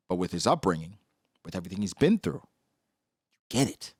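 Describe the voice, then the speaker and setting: A man giving casual, slangy commentary on a comic chapter, acting out characters in quick asides. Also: low-pitched, very animated, breathy edge, dry recording, clean studio sound. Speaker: manga reaction host.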